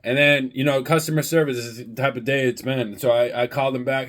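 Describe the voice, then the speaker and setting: A man's voice: medium pitch, steady tone, a little fast, few pauses. A man who owns a landscaping business, ranting bluntly and profanely in a vlog, preaching to his viewers. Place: hotel room.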